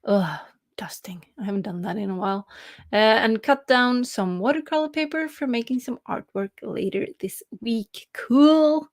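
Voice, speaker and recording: A woman's voice: a little high, moderate pace, no echo, studio quality. A young woman from Norway chatting casually on a live stream, reading chat messages aloud and laughing often between hesitant fillers.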